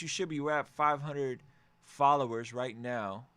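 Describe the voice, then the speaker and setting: A man's voice: medium pitch, unhurried, smooth. Upbeat man hosting a music review. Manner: upbeat, joking, excitable. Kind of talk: casual review commentary.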